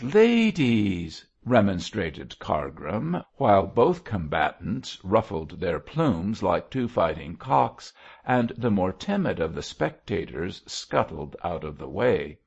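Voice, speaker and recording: A man narrating an audiobook in a measured, expressive reading. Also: fairly low pitch, vocal fry, slightly rough. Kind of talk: scripted narration. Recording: dull lo-fi audio.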